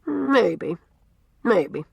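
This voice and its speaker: Outspoken gossipy older village woman read by a woman, blunt, expressive pitch, dry. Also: extremely slow, creaky, breathy edge, no echo, heavily acted. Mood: musing.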